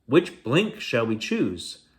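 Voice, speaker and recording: A man voicing an excitable female pet parrot with a shrill, squawking voice. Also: slow pace. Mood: fretful. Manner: fretful, excitable.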